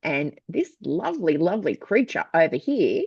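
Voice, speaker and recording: An outspoken Australian woman from New South Wales co-hosts a chatty podcast, swearing freely and talking bluntly. Her voice sits fairly low. The sound is dry and a little dull, like a lo-fi home recording. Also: big pitch swings, moderate pace, creaky, breathy edge, dry recording. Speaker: podcast co-host. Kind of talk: casual chat.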